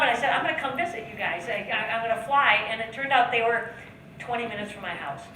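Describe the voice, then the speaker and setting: A woman's voice: fairly high pitch, sharp tone. A woman in her fifties from the United States giving a jokey, chatty seminar talk to a live audience, often laughing at her own lines. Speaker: guest speaker and trainer. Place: large hall with an audience. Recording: echoey hall, distant mic, audience noise.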